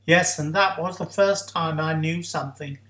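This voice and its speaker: A man reading a first-person story aloud in a hushed, earnest way, recalling a child's memory. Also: a little high, normal speed. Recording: roomy echo.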